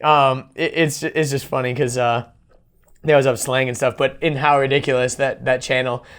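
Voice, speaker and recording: A man's voice: medium pitch, level tone, moderate pace, a bit bright, clear, resonant tone. A man hosting a podcast in casual chat, laid-back, laughing often and swearing freely. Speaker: podcast host.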